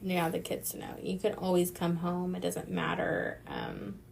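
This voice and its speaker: Female podcast co-host, low-ish, gravelly, halting and filler-heavy. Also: sing-song, slight background noise. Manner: hesitant, many fillers. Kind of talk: casual chat.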